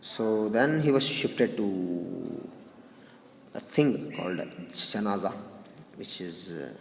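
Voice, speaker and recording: Halting, grieving man in an echoey hall. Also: deep voice, creaky. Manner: halting, hesitant, with many restarts and sighs. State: grieving, subdued. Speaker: grieving brother recounting a funeral. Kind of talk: personal spoken recollection. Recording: roomy reverberant hall with faint noise.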